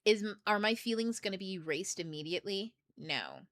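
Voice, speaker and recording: Bright-voiced woman hosting a book club. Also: medium pitch, a little fast, no echo, clean studio sound. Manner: candid and profane, swears freely; animated, jumps between thoughts and asides. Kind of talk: casual livestream talk.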